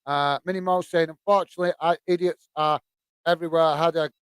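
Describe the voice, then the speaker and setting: Host type: man from the UK, halting casual chat, smooth voice, slightly higher pitch. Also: fairly even intonation, dry recording. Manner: halting, many fillers and restarts. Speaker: host of a football channel. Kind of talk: casual live-stream chat reading out viewer comments.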